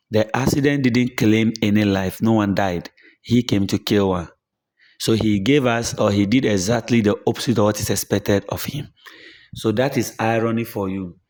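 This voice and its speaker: A man's voice: mid-range voice, a little mellow. A middle-aged man teaching literature in a plain explaining manner, repeating his points and acting out example quotes. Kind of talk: explanatory lesson.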